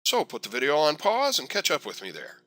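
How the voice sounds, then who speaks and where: A man teaching a software tutorial over a screen recording, chatty and encouraging with folksy asides. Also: a little high, huge pitch swings, brisk. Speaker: software instructor.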